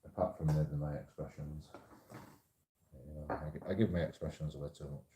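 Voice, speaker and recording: A man's voice: rumbling low, steady tone, a little fast, mellow, reverberant, slight background noise. A man hosting his own channel, talking in a casual, rambling monologue that repeats phrases, restarts and swears freely. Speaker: channel host.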